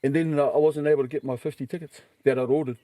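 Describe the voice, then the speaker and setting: A man's voice: a little high, very fast, no echo. A middle-aged man with a New Zealand accent, telling stories in casual chat and acting out what people said. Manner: animated, acts out quoted voices, laughs while telling. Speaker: podcast guest. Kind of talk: casual storytelling.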